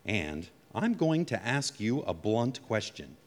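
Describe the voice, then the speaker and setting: A calm, probing psychiatrist. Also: male voice, lowish voice, exaggerated voice. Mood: measured. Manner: measured, accusing. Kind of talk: 1940s radio acting. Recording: old radio drama, reverberant.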